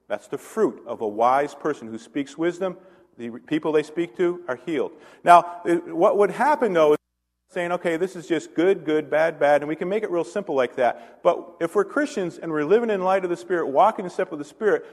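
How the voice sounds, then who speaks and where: A man's voice: a little high, long reverb tail. A male pastor preaching a conversational sermon, asking the congregation questions and adding self-deprecating asides.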